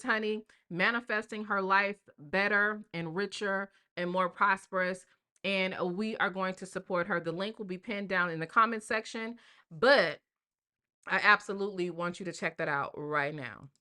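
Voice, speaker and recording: A woman's voice: mid-range voice, moderate pace, pushed and bright, clear, resonant tone. An older woman, a grandmother hosting a casual live stream and chatting with viewers in a slangy, talkative way. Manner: chatty, slangy, addresses viewers as y'all and baby. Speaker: livestream host.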